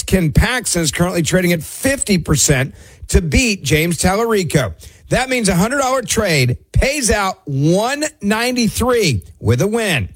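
A man's voice: high voice, breathy edge, no echo. A man, a radio host, reading a sponsor spot in a conversational, emphatic way.

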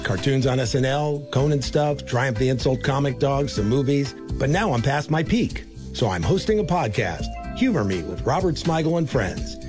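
A man's voice: medium pitch, animated, moderate pace. A man with a wry, self-deprecating manner reading a scripted podcast ad. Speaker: podcast host in an ad. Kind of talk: scripted radio ad read. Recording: ad spot over music.

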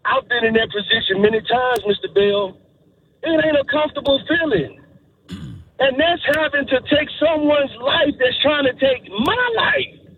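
A man's voice: extremely high pitch, moderate pace. A man calling into a radio show, making an impassioned, preachy rant and repeating himself as he addresses listeners. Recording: tinny phone line with faint hiss.

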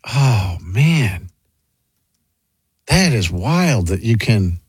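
A man's voice: fairly low pitch, drawn-out words, slightly rough, no echo. A man hosting a morning radio show, chatting casually and acting out what people in a video say. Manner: animated, acts out what players say. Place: studio.

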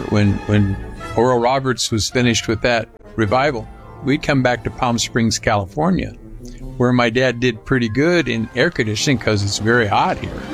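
An older man telling a personal story casually, rambling with restarts and lively retelling. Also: medium pitch. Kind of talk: personal anecdote.

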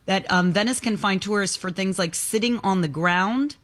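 A woman's voice: mid-range voice, normal speed, a bit bright. A woman reading news items on a morning show, telling each story in a chatty, conversational way while outdoors. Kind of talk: casual news chat. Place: outdoors in the sun.

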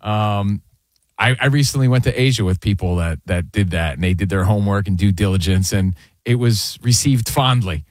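A man's voice: lowish voice, moderate pace, dry recording, studio quality. A man co-hosting a sports radio show, explaining his view earnestly and at length. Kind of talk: casual sports radio chat.

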